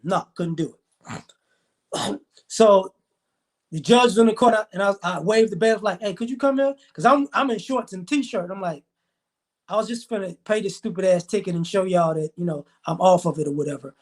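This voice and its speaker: A man ranting as he tells a story, swearing often and acting out the dialogue of the people in it. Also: high voice. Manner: profane, heated, fast retelling with quoted dialogue. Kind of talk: storytelling rant to camera.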